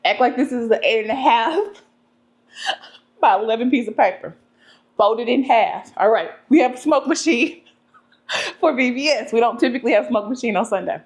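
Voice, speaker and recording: A young woman telling stories to camera in a vlog, animated and laughing often. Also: a little high. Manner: animated, laughs often, talks fast when excited. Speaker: vlogger. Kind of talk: casual storytelling to camera.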